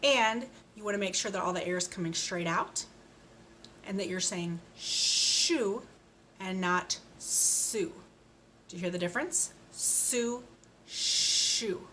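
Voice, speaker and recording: A woman teaching speech sounds to a young child, speaking slowly and patiently with bright, clear tone. Each sound is modeled deliberately and encouragingly. Faint ambient noise in a small room. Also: mid-range voice. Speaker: speech therapist.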